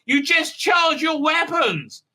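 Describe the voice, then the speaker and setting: A man putting on a panicking, shrill male starship crewman, yelling frantically in a mocking parody. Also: very animated, takes it slowly, heavily acted. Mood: panicked.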